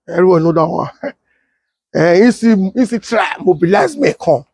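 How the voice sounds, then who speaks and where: A young man with a Nigerian Pidgin accent tells a comic tale with lively, animated delivery. His voice sits high and slightly husky. The sound is dry and close. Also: moderate pace, dry recording. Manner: animated, laughs often, mimics sirens. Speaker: comedian storyteller.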